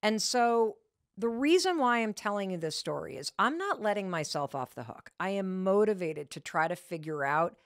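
A woman in her fifties hosting a podcast, telling a personal story in an emphatic, self-deprecating way with quick bursts of speech. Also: medium pitch, lively intonation, no echo, clean studio sound. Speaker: podcast host.

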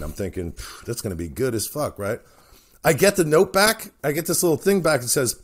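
A man co-hosting a comedy podcast, telling stories in a loud, playful, profane way. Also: a little high, fairly quick, slightly rough. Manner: animated, profane, playful storytelling. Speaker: podcast co-host. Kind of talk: casual comedic chat.

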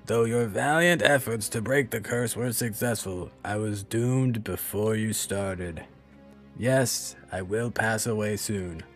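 A man voicing an ancient, dying guardian tree, reading the game dialogue in a slow, grave old-man manner. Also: on the low side.

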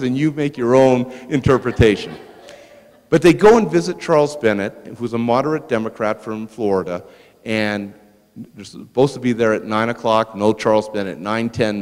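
A man with a fairly low voice tells a story to a museum audience, lively and anecdotal, often checking in with the crowd. His voice carries a long reverb from the large hall. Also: clean tone. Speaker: museum lecturer. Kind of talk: storytelling public lecture.

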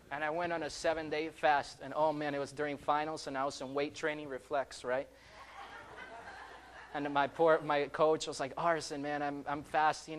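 A high-voiced young man delivers a fervent sermon. He swings between loud, ringing calls and quiet, low asides. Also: steady tone, moderate pace, a little hiss or hum. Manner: fervent preaching, rises loud on calls and drops soft. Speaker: preacher.

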